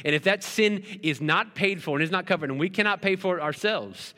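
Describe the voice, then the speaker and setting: A man in his thirties preaching in a church sanctuary, his bright, forceful voice sitting a little high. He mixes scripture with casual family stories, dropping "right?" to pull the listeners in. A long reverb trails each phrase through the hall. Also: fairly quick. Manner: conversational storytelling with frequent "right?" asides. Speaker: pastor. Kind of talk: sermon.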